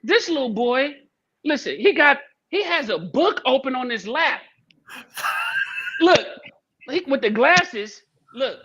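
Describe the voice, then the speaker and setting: Animated storytelling man, dull lo-fi audio. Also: very high voice, takes it slowly, long pauses, breathy edge. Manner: lively, acts out quotes, swears casually. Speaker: father telling a story on a discussion panel. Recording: dull lo-fi sound.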